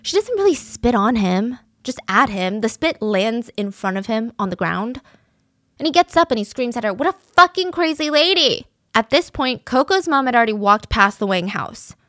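A woman narrating a true crime case in a chatty, animated storytelling manner, acting out the quotes. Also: fairly high pitch, normal speed, no echo, studio quality. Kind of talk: casual storytelling.

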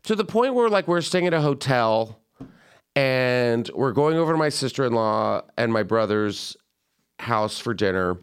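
A young man hosting a podcast, telling a story in an animated, chatty way and acting out the voices of people he quotes. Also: mid-range voice, clear, resonant tone. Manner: animated, quick asides, acts out quoted voices. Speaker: podcast host. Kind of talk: casual storytelling chat.

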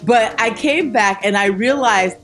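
A woman's voice: fairly high pitch, a little slow, faint music behind. A young woman, a TV writer, chatting as a podcast guest, telling stories with swearing, laughter and acted-out voices. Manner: animated storyteller, acts out voices, swears, laughs. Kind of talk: casual podcast chat.

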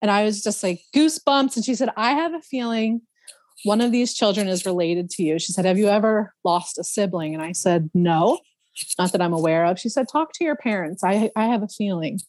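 A woman telling a story on a podcast, casual and lively. Her pitch is middling and she often laughs and mimics others. The sound is close and dry, with no room echo. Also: brisk. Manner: animated, laughs often, imitates other people's voices. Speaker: podcast guest.

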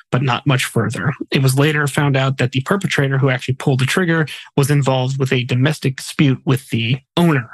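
A man's voice: mid-range voice, breathy edge, dry recording, low-quality recording. A man hosting a podcast, casually reading out memorial facts with light jokes mixed in. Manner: reads facts in a chatty way with small jokes. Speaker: podcast host.

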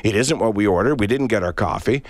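A man's voice: on the low side, fast, dry recording. A middle-aged Canadian man in casual chat, telling a long anecdote and acting out the voices of the people in it. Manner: animated anecdote with acted-out voices.

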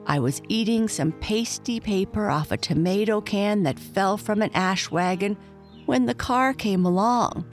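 A woman's voice: mid-range voice, measured pace, faint music behind, pitched above the performer's own voice, close to an everyday voice. Woman voicing Lightfoot, a sore young billy goat. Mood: sheepish. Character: young male goat, bruised and sorry.

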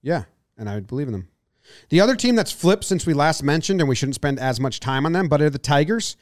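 A man's voice: a little high, big pitch swings, brisk, dry recording, studio quality. A man co-hosting a casual sports podcast, joking around and breaking into goofy voices. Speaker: podcast co-host.

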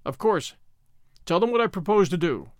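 A man's voice: sits high, lively intonation, normal speed, no room sound, studio quality. A man reading the part of an impulsive young American consul, talking in emphatic bursts. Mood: excited.

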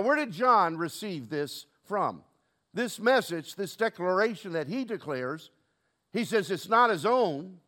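A man's voice: high voice, a bit bright. A man preaching a sermon to his congregation, asking rhetorical questions and calling for responses. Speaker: pastor.

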